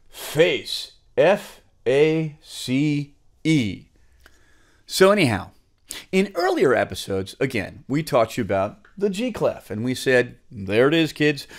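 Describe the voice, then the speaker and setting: A man teaching a music theory lesson, patient, chanting the note names aloud with his students. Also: medium pitch.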